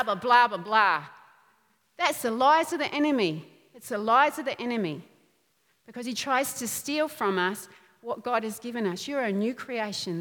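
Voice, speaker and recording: A woman preaching a sermon in a lively, playful way, often laughing between points. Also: fairly high pitch. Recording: long hall reverb.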